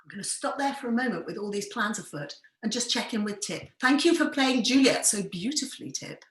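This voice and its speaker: A woman theatre director who leads a workshop and tells the story with enthusiasm and expressive examples. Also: on the high side, a little fast. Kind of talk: storytelling lesson. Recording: roomy echo.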